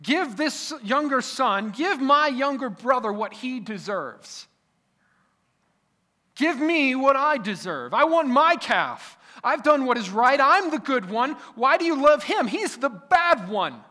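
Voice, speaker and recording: A man's voice: extremely high pitch, sing-song, slow, pushed and bright, voice pushed up, heavily acted. A man voicing a resentful grown older brother who complains like a whiny child, with the long echo of a hall around him. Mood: indignant whine. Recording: echoey hall.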